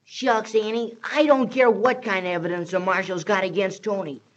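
In a dull, lo-fi 1930s radio recording, a woman with a medium-pitched, steady voice performs lightly acted lines at a moderate pace. She plays Joe, Annie's loyal pal, an eager and earnest boy who talks in a folksy way and keeps saying "shucks."

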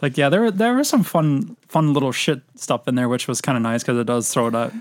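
A man's voice: medium pitch, fairly quick, no echo. Blunt joking man, dry sound. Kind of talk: casual chat.

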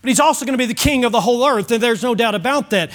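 A man preaching a sermon as pastor, folksy and animated, swinging from loud to hushed. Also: very high voice, very fast.

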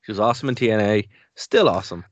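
Male podcast co-host, relaxed and laughing, mid pitch, dry and slightly muffled recording. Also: quick pace, dry recording. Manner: easygoing, laughs often. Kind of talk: casual chat.

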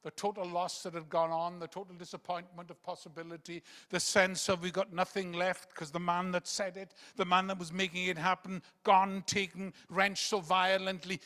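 A man preaching a rambling sermon that swings between loud emphatic bursts and hushed quiet passages. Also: high-pitched. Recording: long reverb of a large hall.

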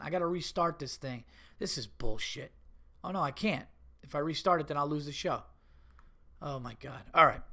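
In a loose solo monologue, a middle-aged podcast host tells stories with plenty of profanity and animation. He speaks straight into the mic in a bright, forward-edged voice that's slightly high for a man.

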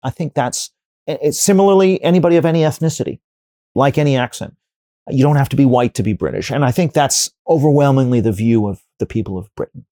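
A man's voice: medium pitch, brisk, mellow, dry recording, studio quality. A professor being interviewed, building his points step by step through examples and hypotheticals, restarting sentences as he thinks. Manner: frequent restarts and fillers while thinking. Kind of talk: conversational interview answers.

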